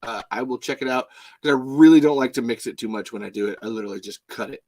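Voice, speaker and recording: A man's voice: mid-range voice, fast, dry recording, rough recording. A man hosting a casual live podcast from a home mic, rambling and swearing freely. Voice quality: profane, rambling, animated. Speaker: podcast host.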